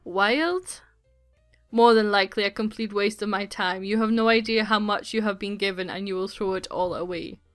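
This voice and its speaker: A woman's voice: medium pitch, moderate pace, no room sound, faint music behind, lightly acted. A stern older male professor looks down on a new student, clipped, sneering and condescending, as a woman puts him on. The voice is tight and dry, with no room sound around it. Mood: contemptuous.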